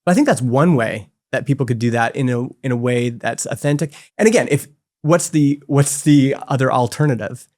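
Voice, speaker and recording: A man in his forties, a company co-founder speaking as a guest, telling stories candidly in a relaxed conversational way with lots of filler words. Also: mid-range voice, fairly quick. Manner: candid, animated storytelling with frequent "like" fillers. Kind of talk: casual conversational interview.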